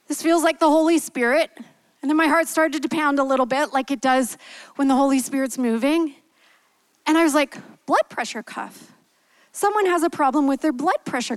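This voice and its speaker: Female preacher, high voice, dry close sound; candid and gentle, storytelling sermon. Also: no room sound, low-quality recording. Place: church.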